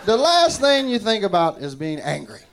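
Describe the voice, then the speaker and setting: A man's voice: high-pitched, huge pitch swings, normal speed. A man doing a rambling, profane stand-up set on a club stage, laughing often and restarting his sentences. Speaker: stand-up comedian. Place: club stage before a live audience. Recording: live club recording with crowd noise. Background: audience noise.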